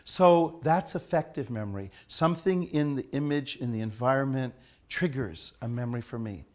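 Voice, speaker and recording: A man's voice: mid-range voice, moderate pace. A man teaching an acting class in a studio, asking his students questions and leading them through an exercise. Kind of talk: classroom lecture.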